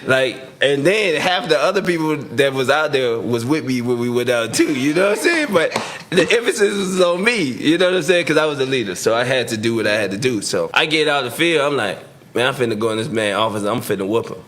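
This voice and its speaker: A man's voice: medium pitch, lively intonation, a little fast, fairly bright tone, slight background noise. A man, a former football player, casually telling a long story on a sports talk show and acting out the quoted lines. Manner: laid-back storyteller who acts out quotes, laughing as he talks.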